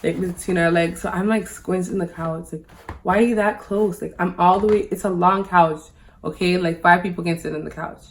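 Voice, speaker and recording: A woman's voice: fairly low pitch, steady tone, normal speed. A woman vlogger telling a personal story straight to her viewers in a casual monologue, packing nearly every phrase with "like". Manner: talks to viewers directly.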